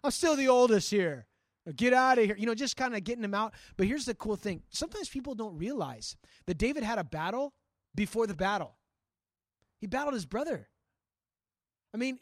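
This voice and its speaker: A male pastor teaching a sermon in a conversational, animated way, acting out scripture and talking straight to his listeners. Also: very high-pitched, dry recording, clean studio sound. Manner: frequent restarts and asides to listeners.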